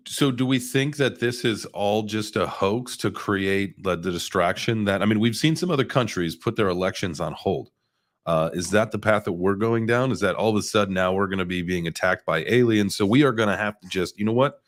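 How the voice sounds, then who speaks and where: Deep-voiced easygoing man. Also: normal speed. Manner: easygoing, musing, conversational. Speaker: co-host. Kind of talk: casual podcast chat.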